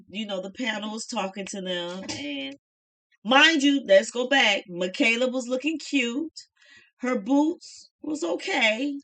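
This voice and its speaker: A woman's voice: a little high, a bit bright. A middle-aged woman casually chatting through a reality show review in a folksy, opinionated way.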